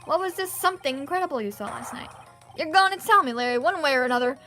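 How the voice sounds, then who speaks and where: A woman's voice: sits high, expressive, fast talker, sharp tone, soft background music. A woman reading a composed male prosecutor from a game, dry and probing.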